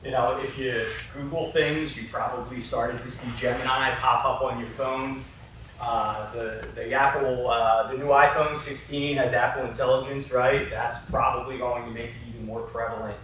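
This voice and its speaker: A man's voice: mid-range voice, fairly even intonation, normal speed, a bit bright, a little hiss or hum. A man giving a casual conference presentation, talking conversationally and often checking in with "right?". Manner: conversational, with frequent "you know" and "right?". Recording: echoey hall, picked up from a distance.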